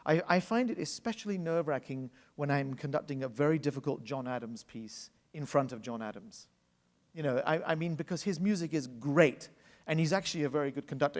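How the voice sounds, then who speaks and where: A man's voice: a little high, a little mellow. A man, an orchestra conductor, telling anecdotes in a live onstage interview at a library salon, laughing often as he talks. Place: public library salon before an audience. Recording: long reverb of a hall.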